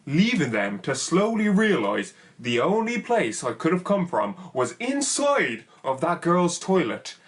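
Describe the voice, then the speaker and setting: A young man telling a funny personal story in an animated, exaggerated comic way. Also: fairly high pitch. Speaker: YouTuber. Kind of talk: comedic story time.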